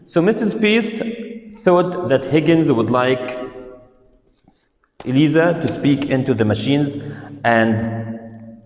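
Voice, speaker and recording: A man teaching an online literature lesson, reading quotes aloud and explaining them. He talks slowly and deliberately, rephrasing his points and filling pauses with "uh". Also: medium pitch, animated, a little mellow. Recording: roomy with a long echo.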